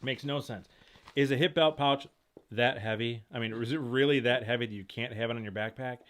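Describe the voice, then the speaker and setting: A man hosting a casual live stream from home, rattling through viewer questions at a rapid clip and reacting to each one. His voice sits at a middle pitch with a plain, everyday tone. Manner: rapid, rambling, jumps between thoughts; reads chat comments aloud and reacts excitedly. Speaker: host of outdoor gear channel.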